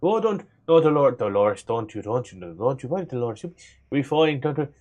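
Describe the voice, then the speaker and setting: A Scottish man voicing a fussy male mage who coos and shushes softly at his pigeons. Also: medium pitch, big pitch swings, a little fast, close to an everyday voice. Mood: cooing. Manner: cooing, soft shushing.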